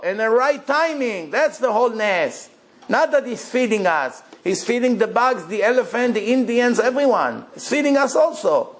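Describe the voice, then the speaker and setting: High-voiced, animated rabbi preaching. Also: male voice, moderate pace. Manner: animated, emphatic storyteller. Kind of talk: storytelling sermon.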